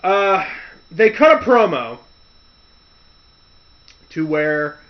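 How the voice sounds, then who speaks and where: A man rambles through a casual podcast rant, circling back and restarting as he goes. His voice sits a bit high and he talks at a slow, unhurried pace. The audio is dull and lo-fi. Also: sing-song. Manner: rambling, loose storytelling with restarts and loud shouted impressions. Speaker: podcast host.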